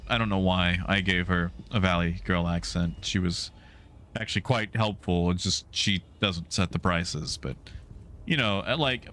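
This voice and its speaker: A man's voice: low-pitched, fairly bright tone. A male game streamer chatting casually with his live viewers in a rambling, easygoing way with many fillers.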